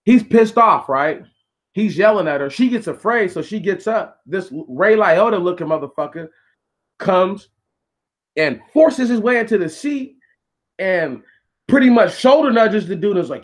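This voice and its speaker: Male streamer, blunt and profane storyteller, slightly higher voice. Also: expressive, normal speed. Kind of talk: casual storytelling monologue.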